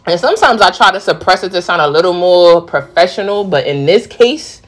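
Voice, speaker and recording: A woman's voice: on the low side, lively intonation, brisk. Young female podcast host with a heavy New York accent. Casual, slangy, rowdy solo talk. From New York, the Bronx.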